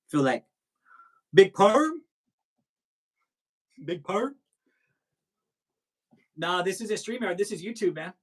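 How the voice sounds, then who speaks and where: A man hosts a live stream in casual commentary. He is profane and combative and rambles freely. His voice sits a little high. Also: husky, low-quality recording. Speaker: stream host.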